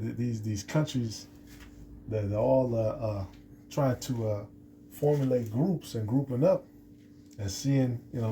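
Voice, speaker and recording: A man teaches scripture off the cuff in a deeply mellow, dark voice. He rambles, circles back and stumbles over his words with plenty of fillers. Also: a little hiss or hum. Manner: rambling, many restarts and fillers. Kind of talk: unscripted scripture lesson.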